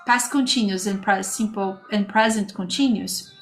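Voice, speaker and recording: A woman's voice: medium pitch, moderate pace. A woman teaching an English grammar lesson on a livestream, chatting with viewers and greeting them by name.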